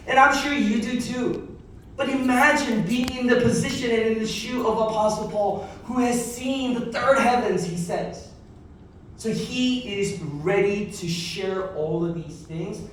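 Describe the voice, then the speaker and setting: A pastor delivers a sermon in a relaxed, conversational way, tossing in jokes and repeating his key lines. His voice sits high with a faint hiss or hum. He is recorded from far off in a large, very echoey church hall with a congregation present.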